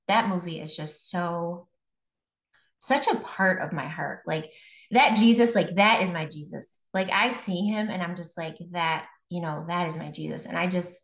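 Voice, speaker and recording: A young woman shares her faith testimony as a guest, chatty, with fillers and restarts. Her voice sits a little low for a woman. The recording carries a roomy echo. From Buffalo, New York. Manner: conversational, many fillers and restarts.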